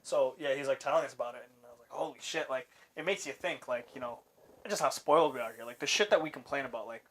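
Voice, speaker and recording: A man's voice: medium pitch, quick pace. Rambling casual man, lots of filler. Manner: rambling, many fillers and "like"s, trails off quietly. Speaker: podcast co-host. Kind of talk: casual chat.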